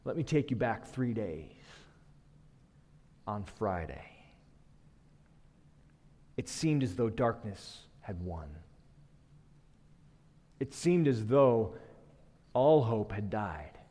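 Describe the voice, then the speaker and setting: A man preaching a sermon, building rhythmic refrains that swell and then drop low. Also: big pitch swings, slow, long pauses, warm tone. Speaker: pastor. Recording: long hall reverb.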